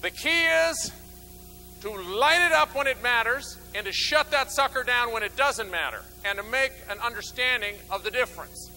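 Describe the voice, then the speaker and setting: A man giving an energetic motivational talk from a stage, acting out little scenes and swinging from loud bursts to low mutters. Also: normal speed, soft background music, rough recording. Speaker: motivational speaker. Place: stage before an audience.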